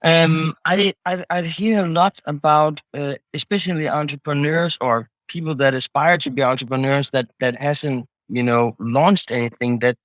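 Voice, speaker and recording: A man's voice: fairly high pitch, steady tone, normal speed, hardly any pauses, fairly bright tone, dry recording, low-quality recording. A man talking as an interview guest, a startup founder, hesitant, with many restarts and fillers. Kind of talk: casual interview talk.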